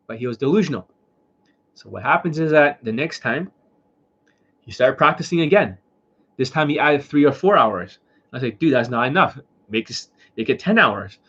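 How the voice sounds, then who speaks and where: A man's voice: medium pitch, a bit bright, slightly rough, lo-fi sound. A man, a dating coach, lecturing bluntly in a casual livestream rant, swearing and repeating his points. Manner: blunt, profane, repetitive lecturing.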